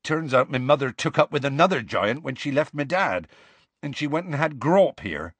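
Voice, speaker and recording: A man voicing a huge, gentle half-giant who talks earnestly and desperately with rustic grammar, in an audiobook. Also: mid-range voice, expressive, moderate pace, dry recording, pitched above the performer's own voice. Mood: anxious, explaining. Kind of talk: audiobook character voice.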